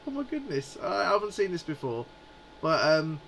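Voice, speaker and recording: A man's voice: on the high side, sing-song, normal speed, vocal fry, fairly bright tone, slight background noise, low-quality recording. A man in his forties hosting a live stream, chatting in a rambling, amused way. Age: 40s. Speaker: livestream host. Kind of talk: casual live chat.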